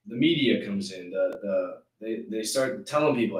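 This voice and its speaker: A man's voice: lowish voice, lively intonation, moderate pace, few pauses, echoey room, distant mic, poor audio. A man hosting a live stream, giving an intense, preachy motivational rant that rambles with restarts.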